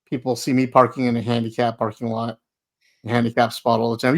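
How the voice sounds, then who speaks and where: A man hosting a podcast, speaking casually with halting, stumbling restarts. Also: mid-range voice, little pitch movement, creaky. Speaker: podcast host. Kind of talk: casual interview talk.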